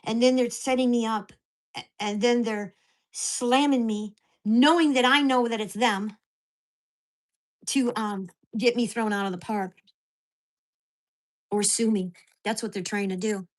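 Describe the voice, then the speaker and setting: A woman's voice: medium pitch, steady tone, unhurried, long pauses, a little mellow. A woman vlogger at home, venting angrily and swearing about her neighbors. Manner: ranting, profane, indignant. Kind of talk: angry venting vlog.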